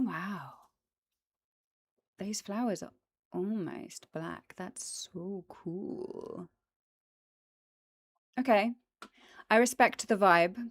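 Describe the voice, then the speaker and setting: Woman, livestream host, casual chat, enthusiastic, lots of ums, lowish voice, dry close sound. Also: dry recording. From British and American. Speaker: voice actress hosting a plant stream. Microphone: desk microphone in front of her.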